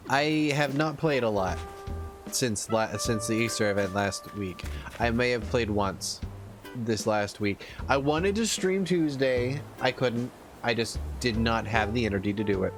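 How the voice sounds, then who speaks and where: A man streaming a video game, chatting casually in a halting, self-deprecating way with many restarts. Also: on the low side. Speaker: VTuber streamer. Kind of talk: casual chat while playing a video game. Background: plucked guitar game music.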